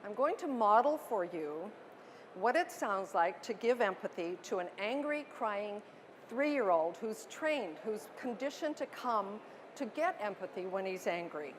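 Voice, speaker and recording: A woman's voice: medium pitch, expressive, measured pace, slight background noise. A middle-aged woman giving an earnest, emphatic parenting talk to an audience at a book expo. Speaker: parenting author and speaker. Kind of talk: presentation to an audience.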